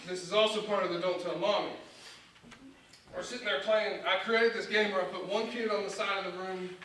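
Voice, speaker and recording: A man's voice: sits high, steady tone, brisk, bright, forceful tone, slight background noise. A young man doing stand-up in a church, telling self-mocking family stories and acting out the dialogue. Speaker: guest comedian. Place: church sanctuary. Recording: echoey church hall from far off.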